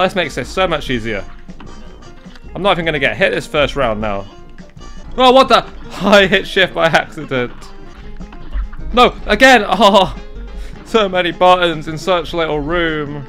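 A young man commentating a video game, excitable and jokey, yelling and swearing at it and talking himself down between fits. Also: high-pitched. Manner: talks to himself, jokey asides. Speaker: gaming YouTuber. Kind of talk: let's play commentary.

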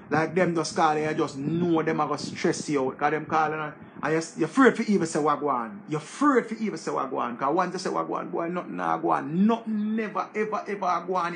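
Gravelly high-pitched Jamaican man ranting. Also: noisy background. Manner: preachy, repetitive, animated rant. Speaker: commentator. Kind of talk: casual monologue.

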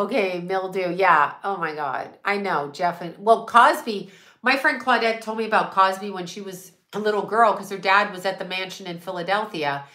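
A woman's voice: medium pitch, pushed and bright, roomy sound. A woman psychic medium in a casual channeling monologue, blunt, profane and rambling, often laughing.

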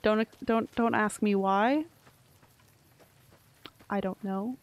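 A young woman with a gravelly, fry-edged voice chats her way through a game stream. She rambles loosely, swears casually and laughs at her own mistakes. Her pitch sits in an ordinary middle range. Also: steady tone, takes it slowly. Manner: chatty, rambling, swears casually, self-mocking. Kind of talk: casual gameplay commentary.

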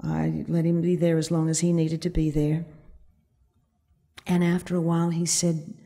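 At normal speed and with a completely flat delivery, a woman with a low, creaky, dark voice addresses an audience from a conference stage. Her storytelling talk recounts a vivid anecdote, including the quoted dialogue.

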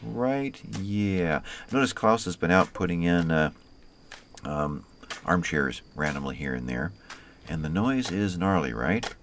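A man's voice: low-pitched, animated, measured pace, fairly bright tone, slight background noise. A man casually commenting on his colony game as he plays, talking to the colonists by name in an easygoing way. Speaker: let's play host.

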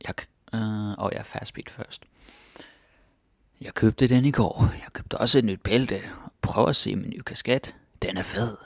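A man teaching a casual Danish vocabulary lesson. He repeats each word slowly and drops to murmured asides. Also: fairly low pitch, vocal fry, dry recording, clean studio sound.

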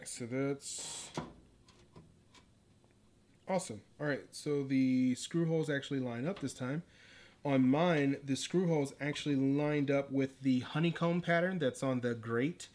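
Man, mid-pitch, chatty and self-deprecating, livestream build chat, faint hiss and clicks behind. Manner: rambling, self-deprecating, easily distracted. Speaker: livestreaming artist.

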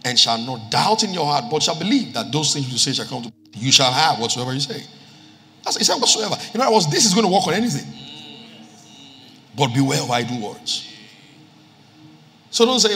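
A man's voice: a little high, big pitch swings, a little fast, pauses often, sharp tone, a little hiss or hum. A man preaching a sermon as pastor, quoting scripture and repeating key lines for emphasis. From Nigeria. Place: church hall with live congregation. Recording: reverberant church hall with music.

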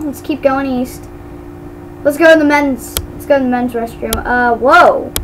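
A woman's voice: high-pitched, a little hiss or hum, poor audio. A woman giving casual commentary while playing a game, chatty and giggly, tripping over her words. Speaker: gamer.

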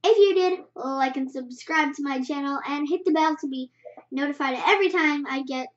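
A young female vlogger reads her own story aloud in a chatty, animated way and fixes her slips as she goes. Her voice sits very high. The recording is dull and muffled. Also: a little fast. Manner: chatty, animated reading with self-corrections. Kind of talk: casual story reading.

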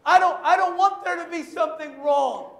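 A male pastor preaching a sermon, telling stories with animated shouted bursts. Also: extremely high pitch, normal speed, creaky, echoey room.

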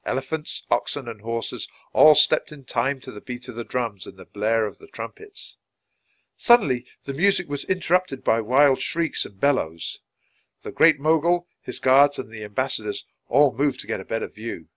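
Man reading a children's book, animated. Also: mid-range voice, moderate pace, dry recording. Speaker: storybook reader.

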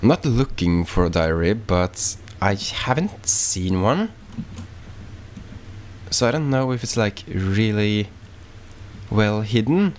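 Man, low voice, casual gameplay commentary, rambling, swears a lot, offhand. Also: expressive, slow, long pauses, slight background noise. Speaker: gaming YouTuber. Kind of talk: casual let's-play commentary.

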